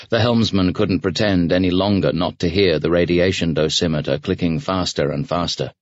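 A man narrating an audiobook in a measured, even reading voice, recorded close in a studio. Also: sits low, no room sound. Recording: dry, slightly dull studio recording.

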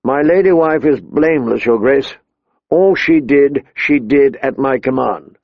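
A man's voice: mid-range voice, measured pace, no room sound, dull audio. A man voicing a stern, weary lord. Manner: stern, courteous.

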